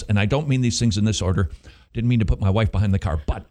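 A man's voice: fairly low pitch, fast, mellow. A man hosting a Christian talk show, emphatic and preachy with a teasing edge. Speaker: host.

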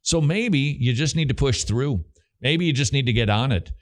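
Animated and mid-range in pitch, this middle-aged Southern American man speaks at a moderate pace. He runs a Christian Q&A radio program, preaching his answers emphatically.

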